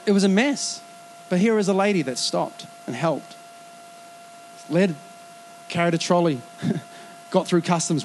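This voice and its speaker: Lively high-voiced male preacher. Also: a little hiss or hum. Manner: lively, conversational preaching with quoted asides and laughs. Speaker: pastor. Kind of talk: sermon.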